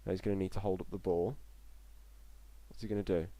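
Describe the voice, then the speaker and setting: A man's voice: low voice, little pitch movement, fast talker, dark tone, dry recording. A young man giving live, chatty football reaction commentary on a stream, rambling between play calls and chat replies.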